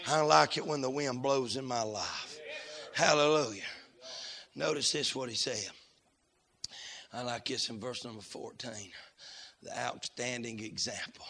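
A man preaching a sermon in church, fervent and folksy, swinging between shouted lines and low asides. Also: a little slow, slightly rough.

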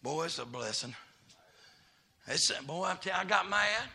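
A middle-aged man, a pastor telling folksy stories that build into shouted preaching. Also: a little high, animated, normal speed, vocal fry, husky. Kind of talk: sermon.

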